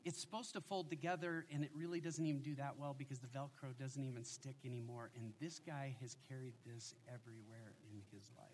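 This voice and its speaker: A man in his forties preaching a sermon as a pastor, telling family stories in an animated, joking way. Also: mid-range voice, brisk, few pauses.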